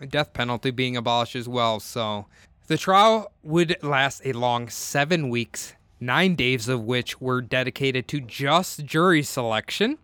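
A man's voice: medium pitch, expressive, measured pace, a bit bright, clear, resonant tone, no echo. A man co-hosting a casual true-crime podcast, reading the case from his notes and laughing often. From Minnesota. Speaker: podcast co-host.

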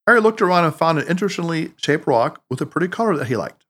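Man narrating a book, expressive, lively up and down pitch. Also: fast talker. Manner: expressive storytelling. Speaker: audiobook narrator. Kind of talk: scripted narration.

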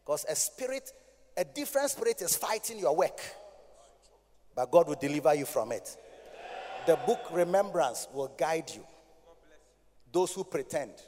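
A Ghanaian man preaching a sermon as pastor, moving between low talk and loud sing-song shouts. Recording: hall reverb.

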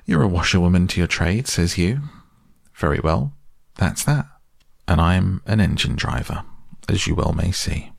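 A man's voice: low-pitched, expressive, moderate pace, vocal fry, dry recording, studio quality, full character voice. A man voicing a burly, kindly working-class engine driver who talks in a folksy rustic dialect. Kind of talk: audiobook character voice.

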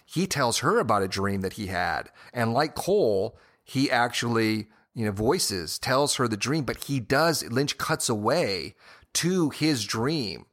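A man's voice: mid-range voice, expressive, unhurried, a bit bright. A man co-hosting a podcast, talking casually and at length about a TV series, with many "you know"s and small restarts. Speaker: podcast co-host. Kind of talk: casual TV-show discussion.

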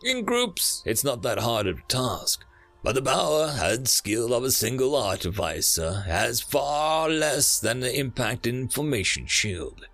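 A man's voice: mid-range voice, big pitch swings, a little slow, a bit bright, no room sound, faint music behind. A man voicing a seasoned male officer who talks emphatically, in an audiobook reading. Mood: emphatic.

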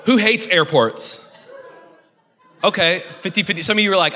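A man's voice: high-pitched, normal speed, pushed and bright. A young man preaching a conversational sermon, joking and calling out to his congregation. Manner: joking, chatty, audience call-outs. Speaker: pastor.

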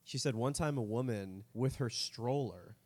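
A man co-hosting a casual podcast, spinning a long rambling anecdote. He laughs often and slips into quick mock voices. His voice sits at a middling pitch, recorded close and dry with no room sound. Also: a little mellow, husky, no echo. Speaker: podcast co-host. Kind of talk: casual chat.

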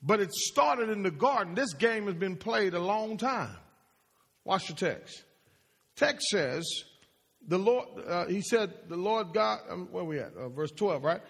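A man preaching in a sermon, his voice high and a little husky. He throws questions to the congregation and repeats lines for emphasis, with a long reverb trailing behind him in the hall. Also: lively intonation, a little slow, a bit bright. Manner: call-and-response, questions to the congregation; repeats phrases, rising and falling emphasis.

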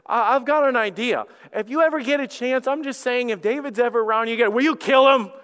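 A man's voice: extremely high pitch, a little fast, fairly bright tone, clean tone, pitched above the performer's own voice. A man voicing a pompous, jealous king who boasts and whines, heard with long hall reverb. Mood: scheming. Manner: boastful and whiny.

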